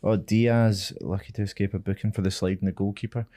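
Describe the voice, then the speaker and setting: A man's voice: fairly low pitch, fairly even intonation, a little fast, mellow. A man hosting a podcast, easygoing and chatty, saying aye a lot with plenty of ums. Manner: easygoing, says aye a lot, hesitant fillers. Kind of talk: casual podcast chat.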